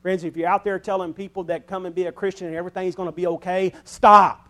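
Forceful preacher man with big swings. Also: sits high, level tone. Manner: dynamic preaching, swings from loud emphatic peaks to quiet asides; slows and stresses key phrases. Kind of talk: sermon.

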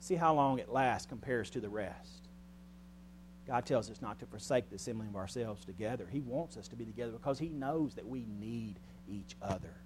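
A man preaching a sermon in a church, speaking earnestly, rising loud and then dropping soft and quiet. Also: mid-range voice, fairly quick, noisy background.

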